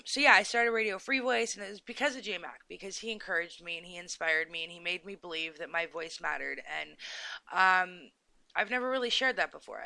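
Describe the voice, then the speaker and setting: A woman's voice: lowish voice, bright, forceful tone, clean tone, no echo. A woman hosting a live internet radio show in a put-on English accent, telling personal stories in a rambling, confiding way. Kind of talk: casual live radio talk.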